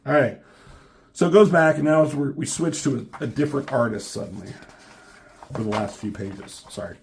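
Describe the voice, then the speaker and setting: A man's voice: medium pitch, a little fast, creaky, background noise. A man giving a casual comic book review, rambling and joking with lots of swearing.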